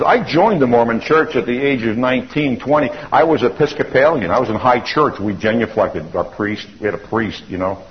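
A man's voice: mid-range voice, expressive, moderate pace, few pauses. A middle-aged man giving a testimony sermon, an earnest storyteller who often restarts and repeats himself. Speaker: church speaker giving testimony. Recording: dull lo-fi recording.

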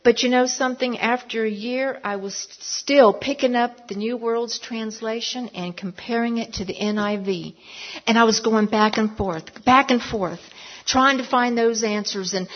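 A woman with a fairly high, husky voice gives a heartfelt church testimony at an unhurried pace. She tells it with strong emphasis and slips into whispers at the tender moments. The recording sounds dull and lo-fi. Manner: emotional, emphatic storytelling, drops to whispers. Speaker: church member giving testimony. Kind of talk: personal testimony to a church audience.

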